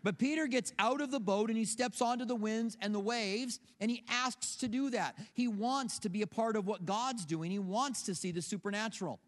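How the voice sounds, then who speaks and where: A man's voice: high voice, moderate pace, few pauses, big-room sound. A middle-aged male pastor preaching a sermon, telling stories conversationally and asking rhetorical questions. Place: church sanctuary.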